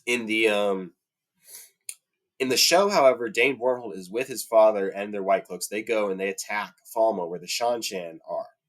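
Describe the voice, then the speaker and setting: A man talking casually and heatedly about a fantasy series, with lots of fillers, his voice climbing when he gets indignant. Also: moderate pace. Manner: heated, rising to high-pitched indignation, many fillers. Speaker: book fan commentator. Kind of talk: casual rant about a TV adaptation.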